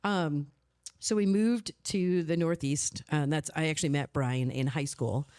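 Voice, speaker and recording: A woman's voice: sits low, moderate pace, a little mellow. Chatty woman host, emotional storyteller. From American Midwest. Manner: chatty, emotional, acts out quotes. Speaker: podcast host. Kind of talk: casual conversational storytelling.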